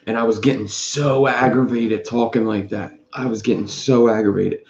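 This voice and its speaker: A man with a low, dark, gravelly voice rambles through a casual live stream and calls out chat viewers by name. The sound is dull and lo-fi, with a roomy echo behind him. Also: steady tone, moderate pace. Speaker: vape reviewer streaming live. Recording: dull lo-fi sound in an echoey room.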